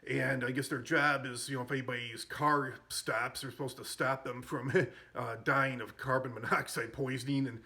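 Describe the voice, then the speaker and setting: A man's voice: medium pitch, fairly even intonation, normal speed, vocal fry, hardly any pauses, pushed and bright. A man casually recapping a comedy film, rambling and amused, with frequent fillers and self-corrections. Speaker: movie reviewer.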